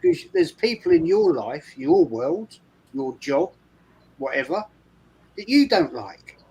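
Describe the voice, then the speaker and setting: A man's voice: on the high side, very animated, slow pace, warm tone, breathy edge, muffled recording. A man with a London accent hosting a fan channel, talking bluntly and emphatically in casual chat, swearing freely. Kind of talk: casual chat on a live stream.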